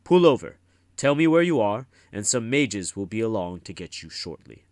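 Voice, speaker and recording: A stern older wizard master scolding his pupils, as an audiobook reader puts him on. His lively, commanding delivery rises and falls with reproach. The dry, close recording has no room sound. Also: on the low side, normal speed, dry recording, pitched above the performer's own voice. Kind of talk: audiobook reading.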